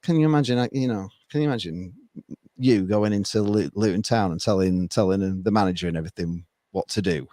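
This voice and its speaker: Rambling, animated man chatting football. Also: fairly low pitch, a little fast, no echo, studio quality. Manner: rambling, animated, laughs often. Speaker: podcast guest. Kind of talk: casual football chat.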